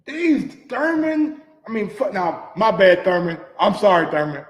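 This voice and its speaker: High-pitched male sports host, casual profane rant, echoey room sound. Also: a little slow. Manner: animated, profane, swings from mutters to shouting. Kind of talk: casual ranting commentary.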